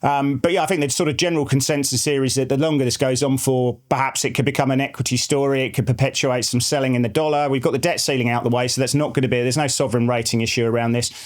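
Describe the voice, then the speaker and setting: Forties male finance co-host, casual and rambling, mid-pitched, lots of "sort of" fillers. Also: fairly even intonation, fast talker, hardly any pauses. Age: 40s. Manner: rambling, many fillers and restarts. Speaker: market research head co-hosting a finance show. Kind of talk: casual market chat.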